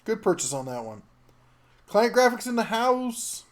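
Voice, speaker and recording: A middle-aged man hosts a live tool stream, reading out viewer questions and answering off the cuff. His voice sits a little high for a man, and he rambles, stalling often on fillers and restarts. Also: sing-song, a little slow, crowd noise. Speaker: host of a live tool show.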